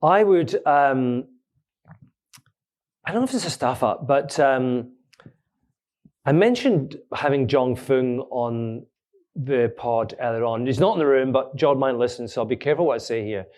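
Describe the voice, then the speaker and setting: A man's voice: mid-range voice, expressive, a little slow, pauses often, darkish tone. Chatty man answering questions. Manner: chatty, laughs often, self-deprecating. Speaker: podcast host being interviewed. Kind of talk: live event Q&A answers. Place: live event venue with audience.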